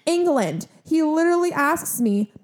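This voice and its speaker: Speaking at a measured pace in a voice that sits high, this podcast co-host animatedly recounts a story in casual conversation. She leans heavily on "like" and performs the quoted lines herself.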